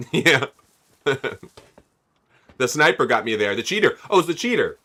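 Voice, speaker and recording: A man's voice: mid-range voice, big pitch swings, a little slow, pushed and bright. A man livestreaming a game with a mid-range voice talks casually to his chat. He rambles, laughs often and thanks viewers by name as he goes. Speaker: game streamer.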